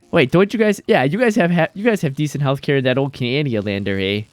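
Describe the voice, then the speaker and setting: A man's voice: a little high, a little fast, no room sound. A man streaming a game, chatting casually in a rambling, jokey way and reacting to chat.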